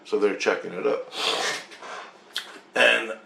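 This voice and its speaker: A man's voice: fairly low pitch, fairly even intonation, slow pace, vocal fry, bright, forceful tone, roomy sound, slight background noise. A man telling a long, rambling story in a monologue, swearing freely and restarting sentences. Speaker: vlogger recounting a dream.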